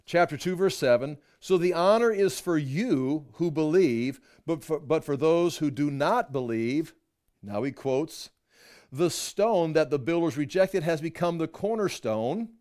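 Middle-aged male Bible teacher, slightly high pitch, reads scripture and comments between verses. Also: animated, measured pace, a little mellow.

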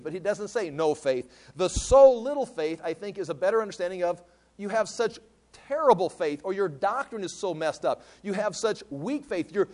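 A male pastor teaching a verse-by-verse sermon, conversational and emphatic, often stopping to correct himself. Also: high voice.

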